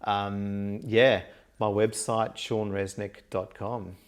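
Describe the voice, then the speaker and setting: A lively Australian man speaks in a fairly low voice. He tells stories in a casual interview, laughing often and acting out what others said. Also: slow. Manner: animated storyteller, acts out quotes, laughs often. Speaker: guest, mindset and life coach.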